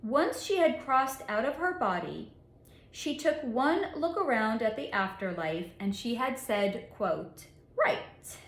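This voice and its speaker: A woman psychic reader telling a story in a monologue, with deliberate dramatic pauses and frequent laughs. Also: on the high side, big pitch swings. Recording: echoey room.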